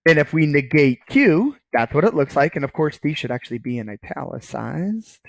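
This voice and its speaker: A man's voice: a little high, very animated, normal speed, creaky, no room sound. A man giving a recorded math lecture, casual and joking, often checking in with "okay" while writing on screen. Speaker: college math professor.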